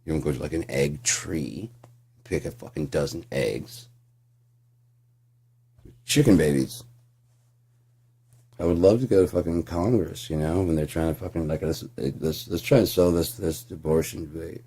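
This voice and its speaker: Very deep-voiced ranting man, husky. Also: fairly even intonation, normal speed, mellow. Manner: profane, sarcastic, ranting. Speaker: channel host. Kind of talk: casual monologue rant.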